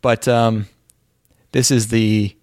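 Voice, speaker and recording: A man's voice: on the low side, level tone, takes it slowly, a little mellow, no echo. A man co-hosting a casual podcast, rambling and swearing, with lots of filler words. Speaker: podcast co-host.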